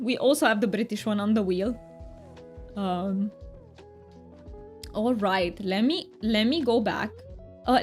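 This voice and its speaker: Giggly, chatty woman streamer from Romania. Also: on the high side. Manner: bubbly and giggly, with frequent laughs and restarts. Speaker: game streamer. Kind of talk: casual live-stream chat, reading chat aloud.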